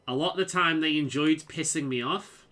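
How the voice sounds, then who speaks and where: Bright, sweary young man with faint Scouse. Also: fairly high pitch, moderate pace. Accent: mild Scouse with some American twang. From Liverpool, England. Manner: rambling, sweary, self-mocking. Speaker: gaming video creator. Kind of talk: casual talk while playing a game.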